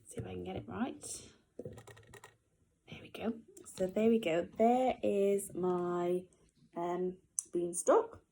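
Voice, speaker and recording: A woman, a nursery teacher, reading a storybook to young children expressively, with gasps and hushed whispers. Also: fairly low pitch, fairly even intonation, slow pace, gravelly, long pauses, a little hiss or hum, low-quality recording.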